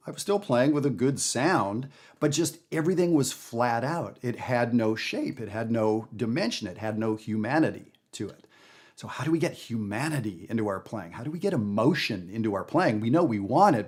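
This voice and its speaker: A middle-aged man teaching jazz in an online lesson, talking with emphasis and big swings in loudness. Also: medium pitch, breathy edge. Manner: animated, emphatic talk with wide swings in loudness.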